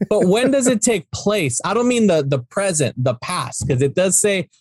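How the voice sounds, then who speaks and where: A man's voice: high-pitched, lively intonation, moderate pace, darkish tone, slightly rough, no echo. A man co-hosting a casual movie discussion, rambling and swearing freely while he acts out characters' lines.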